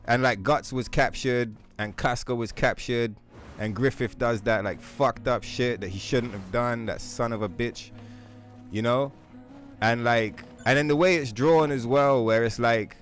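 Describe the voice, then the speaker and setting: A man's voice: medium pitch, a bit bright. A young man streaming a game, telling a long rambling story in casual chat with heavy swearing and many fillers. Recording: faint music behind the voice.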